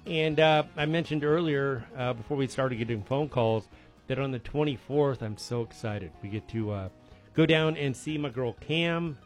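A man's voice: mid-range voice, moderate pace, soft background music. A man hosting a local radio swap show, chatting casually and joking with callers. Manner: joking, chuckling, rambling.

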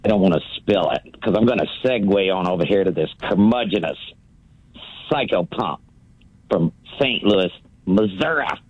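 A man calling in to a sports radio show, ranting loudly and repeating the host's name over and over. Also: low-pitched, expressive, moderate pace, husky, no room sound. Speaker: caller. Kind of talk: call-in rant. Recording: muffled dry phone line.

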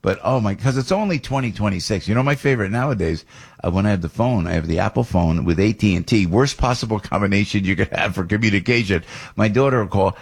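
An older man hosting talk radio, chatting in an effusive, rambling way full of jokes. His voice is gravelly and a little husky. His pitch rises and falls a lot as he talks. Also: sing-song, fast talker. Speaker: radio host.

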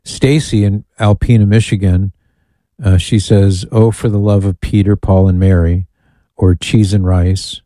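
A man's voice: lowish voice, steady tone, a little slow, dark tone, no room sound. A man hosting a call-in radio talk show, chatty and amused as he reads listener emails aloud. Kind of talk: casual call-in radio chat.

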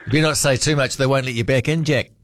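Fast-talking New radio host. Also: male voice, mid-range voice, fairly even intonation, no room sound, clean studio sound. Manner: quick, chatty, stumbles over repeated words. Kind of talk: casual talkback radio hosting.

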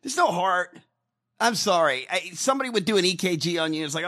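High, bright-voiced man ranting. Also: lively intonation, a little fast. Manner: angry, profane, mocking. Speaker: co-host. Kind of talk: profane political talk show rant.

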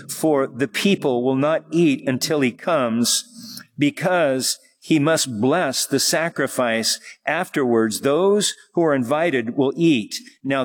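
A man teaching verse by verse from the Bible, reading passages and then explaining them in a conversational way. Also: medium pitch. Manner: conversational, with fillers and small laughs. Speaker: pastor.

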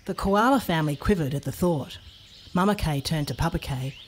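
A woman narrating a children's storybook in a playful, expressive way. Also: sits low, brisk, a little hiss or hum.

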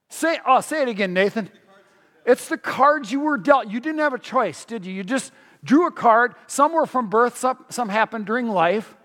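A man's voice: very high voice, fairly bright tone. A middle-aged man preaching a sermon as a pastor, talking conversationally and asking the audience questions. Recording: long hall reverb.

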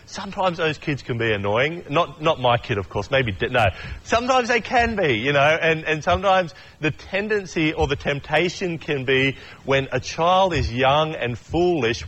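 A man's voice: fairly high pitch, a bit bright, muffled recording. Chatty man preaching a casual sermon. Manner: chatty, acts out voices in stories. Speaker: pastor.

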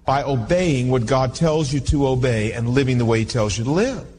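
A male pastor telling a story in a sermon, animated and exclamatory. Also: medium pitch, moderate pace. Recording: echoey hall, faint ambience.

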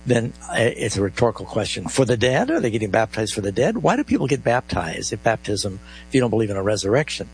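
A man's voice: fairly low pitch, big pitch swings, quick pace, slight background noise, poor audio. A man hosting a live call-in Bible radio show, explaining scripture and reading verses aloud with stressed emphasis.

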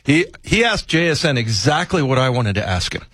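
A relaxed man co-hosts sports radio, trading teasing stories. His voice is husky, mid-pitched, and recorded close and dry. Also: a little fast, no echo. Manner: laid-back, storytelling, teasing. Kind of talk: casual sports radio banter.

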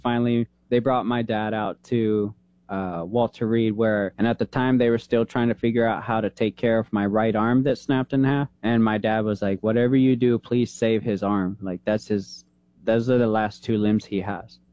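A man in his thirties, a veteran, telling an emotional personal story in an interview, earnest and halting, holding back tears. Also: lowish voice, fairly even intonation, warm tone, no echo. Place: San Antonio, Texas.

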